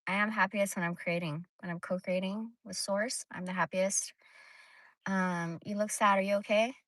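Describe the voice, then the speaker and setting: A woman chats on a livestream, venting bluntly with plenty of swearing. Her voice has a bright, sharp edge, and she sits close to the mic. The sound is dry, with no room around it. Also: medium pitch, fairly even intonation, normal speed, no room sound. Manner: blunt, profane ranting. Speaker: livestream host. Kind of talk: casual livestream chat.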